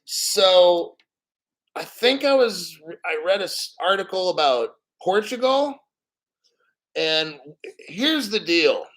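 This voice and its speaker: Middle-aged male host, raised pitch and sharp timbre, blunt, swearing, rambling livestream rant. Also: sing-song, slow, pauses often. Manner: blunt, profane, rambling, reads out news. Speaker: crypto channel host. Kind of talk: casual live stream rant.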